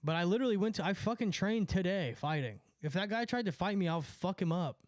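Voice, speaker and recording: Young male streamer, slightly high voice, profane rambling storyteller, dry close sound. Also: expressive, quick pace, no echo. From California. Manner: profane, rambling, laughs at own stories. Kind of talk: casual storytelling chat.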